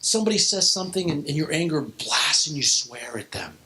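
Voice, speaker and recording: Middle-aged pastor, fairly high-pitched, preaches to students in a church hall, tells stories, falls to a hush. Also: male voice, big pitch swings, brisk. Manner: storytelling, with restarts and sudden drops to a hush. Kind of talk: sermon to a youth group.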